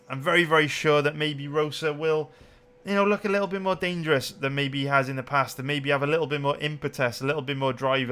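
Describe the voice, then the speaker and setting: A man's voice: fairly high pitch, bright, forceful tone, smooth. A young man hosting a betting channel, giving a brash, profane and emphatic casual breakdown while calling his viewers boys.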